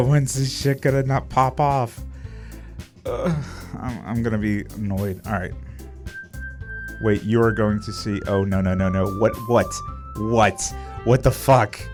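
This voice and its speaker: A young man casually commenting on his live game stream, swearing freely and reacting loudly. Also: fairly low pitch, slow pace. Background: game music.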